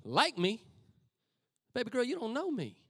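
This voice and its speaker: A middle-aged man, a pastor preaching a sermon as a lively story and acting out the voices of the people in it. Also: very high voice, measured pace, husky, no echo, clean studio sound. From Texas. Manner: animated, acts out voices of friends and himself.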